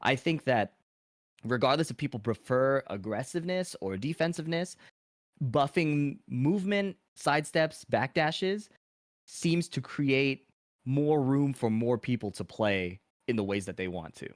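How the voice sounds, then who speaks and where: Male panelist, thoughtful and measured, middle pitch, dry sound. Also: lively intonation, no echo. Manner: measured, thoughtful, with filler words. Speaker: panel guest. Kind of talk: analytical panel discussion.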